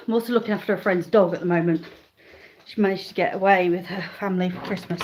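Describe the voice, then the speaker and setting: A woman's voice: mid-range voice, fairly even intonation, fast talker, breathy edge, lo-fi sound. A woman chatting casually on a live stream from her phone at home, easily sidetracked while she talks to viewers and calls her dogs. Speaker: livestreaming vlogger. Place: living room of a rented house, indoors. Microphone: handheld phone, then a phone stand.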